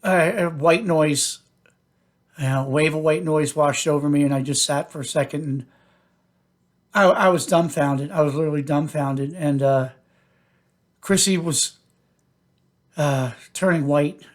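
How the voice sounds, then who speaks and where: A man hosting his own podcast, telling a personal story in a halting way with many fillers and restarts. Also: on the high side. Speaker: podcast host.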